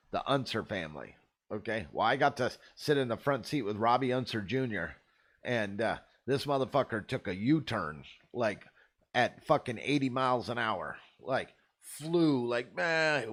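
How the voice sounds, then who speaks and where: A man's voice: medium pitch, fairly bright tone. A man host telling rambling, profane stories in a laid-back, casual way. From Arizona. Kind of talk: casual storytelling.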